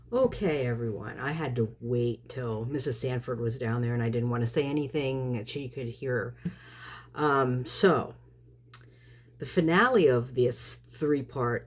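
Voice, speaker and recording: A woman talks to her camera in a loose, rambling way, chuckling as she goes. Her voice sits low and has a husky edge to it. She sounds like she has just come in from outside after feeding the cats. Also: a little mellow. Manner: chatty, rambling, laughs often. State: just back in from outdoors. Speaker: vlogger feeding neighborhood cats. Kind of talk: casual chat to camera.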